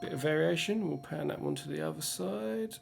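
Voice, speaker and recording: A man's voice: a little high, fast talker, vocal fry. A man hosting a music tutorial, thinking aloud and humming melodies as he works. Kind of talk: casual screen-recorded tutorial. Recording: loud music under voice.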